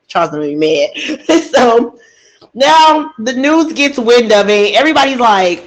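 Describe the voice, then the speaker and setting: A woman's voice: medium pitch, lively intonation, unhurried, poor audio. A woman telling a true crime story casually into a desk microphone, getting emotional and outraged and talking straight to her listeners.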